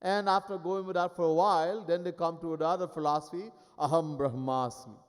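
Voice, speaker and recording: A man's voice: high voice, steady tone, fast, smooth. A man giving a sermon as a spiritual teacher. He tells stories in an emphatic, wry way. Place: ashram hall. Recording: long hall reverb.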